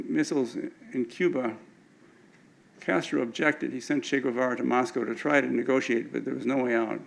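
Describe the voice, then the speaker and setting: A man's voice: medium pitch, creaky, poor audio. An older man giving an anecdotal lecture with slides at an alumni event, often stumbling and restarting his words.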